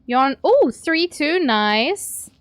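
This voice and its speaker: High-voiced playful woman streamer. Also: very animated, takes it slowly. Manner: playful, swears freely, talks to chat. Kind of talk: casual gameplay commentary.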